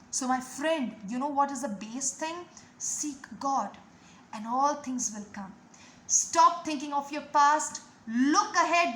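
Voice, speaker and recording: High-voiced woman preaching fervently. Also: a bit bright, reverberant, a little hiss or hum. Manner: fervent, repetitive exhortation. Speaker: preacher and online video host. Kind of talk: devotional sermon and prayer.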